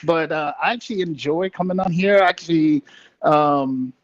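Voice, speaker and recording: A man's voice: on the high side, normal speed, dry recording, muffled recording. A man guesting on a podcast in casual chat, laid-back and a bit hesitant, joking around.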